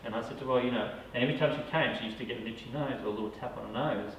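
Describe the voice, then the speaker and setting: A man's voice: medium pitch, very fast, a little hiss or hum. Man teaching in an echoey room from afar. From Australia. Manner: conversational, keeps asking "all right?". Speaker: psychic medium teaching a group. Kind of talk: casual talk to a small group. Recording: echoey room, mic far off.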